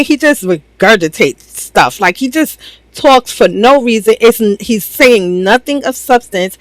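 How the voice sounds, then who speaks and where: A woman's voice: mid-range voice, animated, normal speed, dry recording, rough recording. Blunt, sassy woman reacting to reality TV. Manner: blunt, sassy, opinionated, slangy. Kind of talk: casual reaction commentary.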